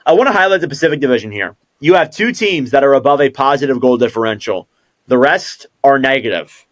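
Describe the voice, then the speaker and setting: A man's voice: mid-range voice, animated, fast, no room sound. Rambling male podcast host. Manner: rambling, thinking aloud. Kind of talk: casual chat.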